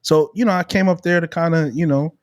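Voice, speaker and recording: A man around thirty, a podcast co-host, telling a story in casual chat, animated and swearing freely. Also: fairly high pitch, fast talker, no echo, studio quality. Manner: animated, swears freely, acts out quoted voices.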